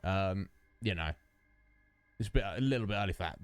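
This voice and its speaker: A British Twitch streamer with a low-pitched voice talks briskly at his home streaming setup, rambling, joking, and answering chat by name while he plays a game. His studio dynamic microphone gives a clean tone with no echo.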